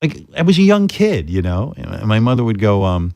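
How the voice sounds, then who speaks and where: A man's voice: lowish voice, sing-song, moderate pace, gravelly, hardly any pauses, darkish tone, no echo, studio quality. A man hosting a radio talk show, telling stories in a blunt, profane, exasperated way. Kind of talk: talk radio chat, storytelling.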